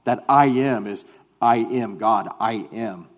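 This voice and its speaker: A man preaching a sermon as pastor, animated at times and then dropping to quiet, weighty emphasis. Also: fairly low pitch, slow. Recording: long hall reverb.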